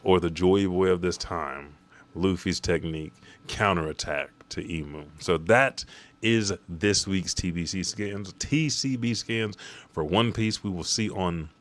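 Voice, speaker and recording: A man hosting a casual comic-chapter recap, narrating the action in a loose, profane, energetic play-by-play. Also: sits low. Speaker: YouTube manga recap host.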